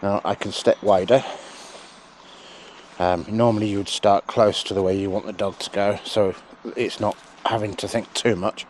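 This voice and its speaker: A man training a sheepdog out in a sheep field, calmly explaining each step and breaking off to call the dog in a high, loud voice. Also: moderate pace, a little hiss or hum. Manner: relaxed explaining, broken by high shouted calls to the dog. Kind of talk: outdoor training demonstration with commentary.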